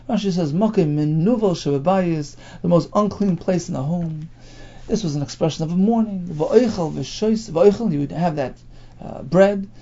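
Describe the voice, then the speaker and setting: Gravelly man teaching Talmud. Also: high-pitched, mellow, lo-fi sound. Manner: explains in English phrase by phrase, mixing in Hebrew terms. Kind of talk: Talmud class lecture.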